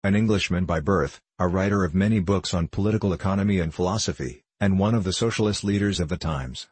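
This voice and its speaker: A man reading a novel aloud in a steady, measured narration. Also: low voice, husky, no echo. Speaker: audiobook narrator. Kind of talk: scripted narration.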